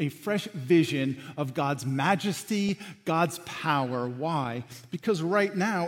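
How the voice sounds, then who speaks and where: A man preaching a sermon as pastor, animated, acting out quotes and dropping to quiet lines. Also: fairly high pitch, long reverb tail.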